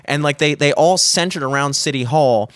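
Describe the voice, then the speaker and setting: A young man co-hosting a studio podcast, telling a story in casual, animated chat with plenty of swearing and acted-out quotes. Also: a little high, normal speed, smooth, no echo. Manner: animated, swearing, acts out quotes in raised voices. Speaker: podcast co-host. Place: small studio. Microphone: studio mic.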